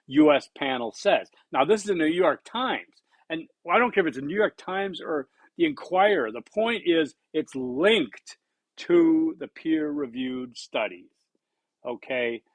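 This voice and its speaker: A man's voice: fairly high pitch, no room sound. A man in his sixties giving a recorded college lecture, blunt and conversational, repeating points for emphasis. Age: 60s. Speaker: college instructor.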